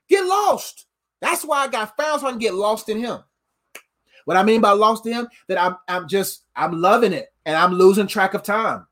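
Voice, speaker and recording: A tired preacher delivering an informal sermon in an animated, slang-filled way, often laughing. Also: mid-range voice.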